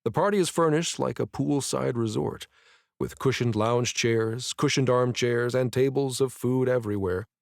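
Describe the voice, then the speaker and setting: A male narrator reading a first-person romance audiobook in a measured, even way. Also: mid-range voice, creaky, dry recording, studio quality.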